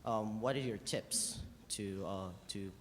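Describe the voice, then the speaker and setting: Guy at the audience mic, nervous and stammering, lowish voice, big echoey hall, faint hiss. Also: takes it slowly. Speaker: fan asking a question. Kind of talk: audience question at a panel. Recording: reverberant convention hall.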